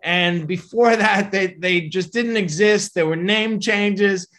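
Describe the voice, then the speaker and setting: Guy with a high bright voice talking fast, lots of restarts. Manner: fast, halting, with many restarts. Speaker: comedian guest. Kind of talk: casual podcast chat.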